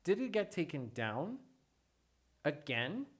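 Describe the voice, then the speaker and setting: A streamer hosting a casual livestream, chatting with viewers and answering chat in an excitable way, often repeating phrases. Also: mid-range voice, slow pace, husky. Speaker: livestream host reading chat.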